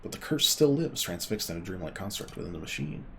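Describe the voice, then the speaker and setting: A man's voice: deep voice, very animated, fast talker, a bit bright, a little hiss or hum. A man streaming a video game, reading its dialogue aloud in playful mock-archaic voices. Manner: playful, theatrical, jokey. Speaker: let's play streamer.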